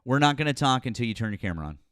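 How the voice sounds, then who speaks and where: A man's voice: mid-range voice, sing-song, racing, fairly bright tone, a little hiss or hum. Blunt, profane man hosting a talk stream. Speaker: host. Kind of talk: live political talk stream.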